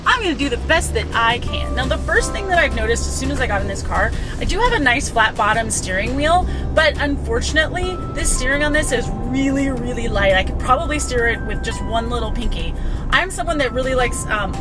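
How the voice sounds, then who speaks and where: A woman reviewing a car from the driver's seat, talking in a playful, chatty way. Her voice sits high and bounces easily. A soft music bed runs quietly beneath her. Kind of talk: casual car review while driving. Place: inside a car.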